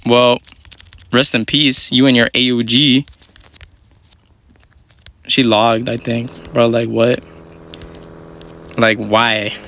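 A man's voice: medium pitch, level tone, a bit bright. Slangy, profane young male gamer. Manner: slangy, profane, quick reactive banter. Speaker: gaming YouTuber. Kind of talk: live gameplay commentary.

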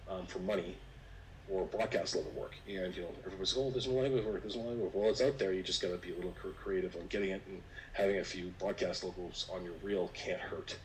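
A man presenting casually on a video call, relaxed and rambling with many fillers. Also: low voice. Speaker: 3D artist presenter. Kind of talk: casual online meetup chat. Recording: distant mic with faint noise.

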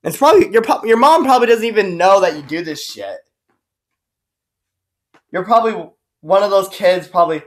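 Guy ranting on his vlog, swearing a lot, sarcastic, pitch jumping all over. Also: lively intonation, normal speed, pauses often. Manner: cursing, sarcastic, rambling with restarts. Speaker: YouTuber. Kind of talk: profane angry rant vlog.

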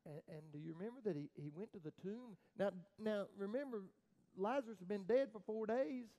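A man preaching a sermon as the pastor, telling a story dramatically with frequent halting restarts, swinging from loud outbursts to hushed murmurs. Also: sits high, poor audio.

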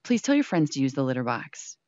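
A woman's voice: very deep voice, big pitch swings, a little fast, a little mellow, no room sound, highs cut off. Woman host with playful theatrical swings. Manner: teasing, theatrical, swings between mock outrage and cooing baby talk. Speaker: show host. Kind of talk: playful improvised VR chat banter.

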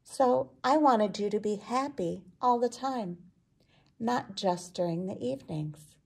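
A woman reading as a gentle storybook moon. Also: medium pitch, expressive, a little slow, gravelly, husky, heavily acted. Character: gentle kindly moon, male, soft-spoken.

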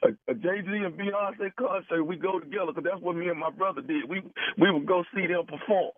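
A man's voice: sits high, fairly quick, no echo. A man making a radio prank phone call, talking in a pushy, overwrought pleading way. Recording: tinny phone line.

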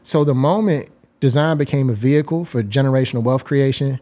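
Guest, man, 40s, articulate and reflective, mid-pitched voice. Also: fairly quick, mellow. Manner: articulate, explains ideas at length. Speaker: guest designer. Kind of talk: reflective interview talk.

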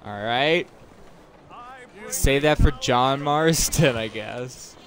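A young man streams a video game, chatting and rambling to himself in casual let's-play style. His mid-range voice is a bit bright, and he talks very slowly.

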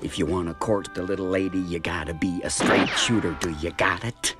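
An actor playing a grinning male genie who gives advice in a halting, overly enunciated drawl. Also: low-pitched, steady tone, over music, natural voice. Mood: scheming.

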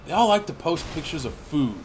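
A man in his thirties rambles through live gameplay commentary, swearing freely and bursting into excited yells. His voice sits a little high for a man. A faint hiss of noise runs under the recording. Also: brisk. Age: 30s. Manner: rambling, profane, excitable outbursts. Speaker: gaming channel host.

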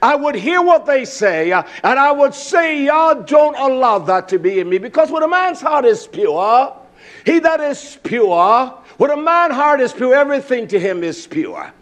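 A man preaching a sermon, emphatic, repeating key words, with frequent "uh" pauses and bursts of raised volume. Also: very high voice, very animated, a bit bright.

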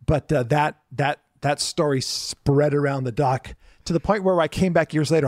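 A man's voice: fairly high pitch, moderate pace, hardly any pauses, dry recording, clean studio sound. A man co-hosting a podcast, telling stories in a casual chat and acting out the people he quotes. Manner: storytelling, acts out quoted people in lively voices. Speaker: podcast co-host.

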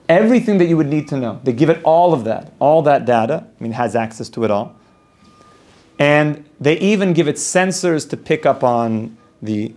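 A man's voice: medium pitch, darkish tone. A man who is a rabbi teaching an informal Torah class. He explains ideas through long worked examples and often restarts his sentences.

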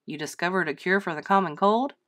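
A woman reading aloud, voicing a calm, gently teasing father in a storybook play, with her voice pitched lower. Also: fairly quick, natural voice. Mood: patient. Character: patient teasing middle-aged dad.

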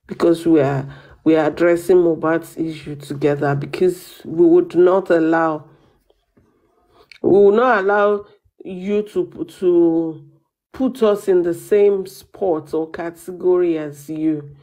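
A woman talking slowly and hesitantly, with a sarcastic edge. She pauses often and fills the gaps. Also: on the low side, steady tone, dark tone. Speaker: co-host. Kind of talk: casual chat.

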